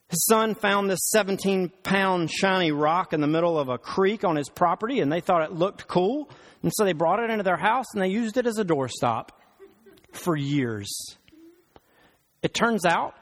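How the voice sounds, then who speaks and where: A male pastor preaching a sermon, animated and emphatic, with rhetorical questions. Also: high-pitched.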